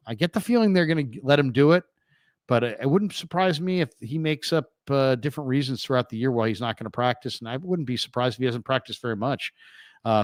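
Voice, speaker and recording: A man's voice: mid-range voice, no echo. A man hosting a sports talk show, chatting in a wry, offhand way and laughing at his own stories. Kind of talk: casual sports talk monologue.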